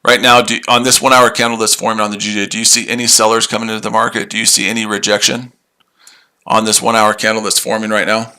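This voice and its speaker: Male trading streamer, tired and mocking, bright tense tone. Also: on the low side, level tone, fast. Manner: sarcastic, repetitive, combative. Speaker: trading livestream host. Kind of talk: live trading stream, answering chat.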